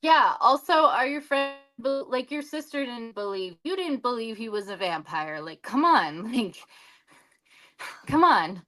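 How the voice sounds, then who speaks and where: Female co-host, casual, short agreeing remarks, bright tone. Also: fairly high pitch, expressive, unhurried, faint music behind. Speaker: podcast co-host. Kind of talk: casual chat.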